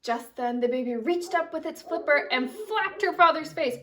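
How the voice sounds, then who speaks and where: Young female teacher, lively read-aloud, lightly distant home recording. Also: high voice, moderate pace, few pauses. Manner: animated storytelling with expressive character voices. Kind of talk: reading a picture book aloud to children.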